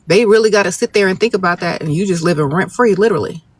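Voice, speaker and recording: A man's voice: high-pitched, fast, slightly rough, no room sound. A man hosting a live phone stream outdoors, reading out viewer questions and giving blunt, sassy, no-nonsense relationship advice straight to the audience. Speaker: advice-giving livestream host. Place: outdoors, birds nearby.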